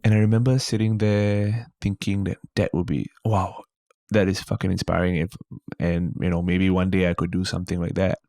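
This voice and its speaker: A man in his thirties with a Singaporean accent, telling stories as a comedian guest on a casual podcast, lively and quick to mimic voices. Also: deep voice, dry recording, studio quality. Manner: animated storyteller, slips into mimicry.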